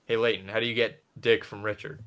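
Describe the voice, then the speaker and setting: A man's voice: on the low side, fast, smooth. A man co-hosting a podcast, telling stories and joking in casual chat. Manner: animated storyteller, joking. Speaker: podcast co-host.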